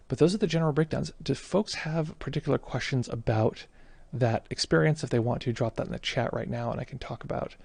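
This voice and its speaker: Husky male meditation teacher, close dry mic, hesitant reflective talker who keeps pausing and restarting. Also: medium pitch, darkish tone, no room sound. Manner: halting, searching for words, with many fillers and restarts. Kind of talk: reflective spoken account of a personal experience.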